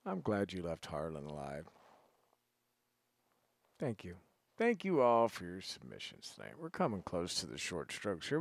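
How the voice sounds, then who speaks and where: A man's voice: on the low side, no echo. A man hosting an online karaoke and comedy show, casually introducing acts with loose, profane hype.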